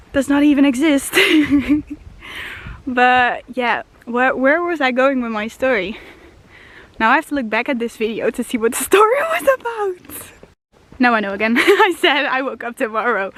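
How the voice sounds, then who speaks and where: A woman's voice: sits high, a bit bright. A young woman talking casually while walking outdoors, a bit out of breath, rambling and dreamy, often laughing and stopping to marvel at what she sees. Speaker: spiritual vlogger. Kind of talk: casual walking vlog monologue. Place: outdoors in a forest.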